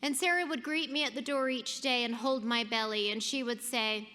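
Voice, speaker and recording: A woman's voice: fairly high pitch, normal speed, hardly any pauses, pushed and bright. A woman giving a keynote speech, telling a personal story with animation and acting out the people in it. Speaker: keynote speaker. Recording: long hall reverb.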